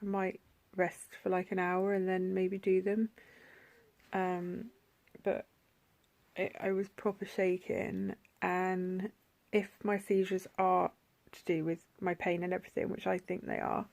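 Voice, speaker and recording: A woman's voice: fairly low pitch, flat delivery, measured pace, gravelly. A woman talking tenderly in a personal vlog, her voice often sinking to a whisper as she reflects. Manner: soft-spoken, often drops to a whisper; heartfelt, tender. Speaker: vlogger.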